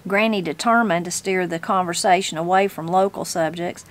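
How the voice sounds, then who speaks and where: A woman with a Southern Appalachian accent reading a book aloud in a steady, unhurried storytelling manner. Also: fairly low pitch. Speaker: channel host.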